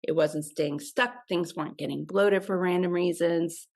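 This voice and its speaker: A woman in her forties, a health coach as guest, talking in a casual, reflective way with hesitant pauses. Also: on the low side, steady tone, vocal fry, a little mellow. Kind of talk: casual interview chat.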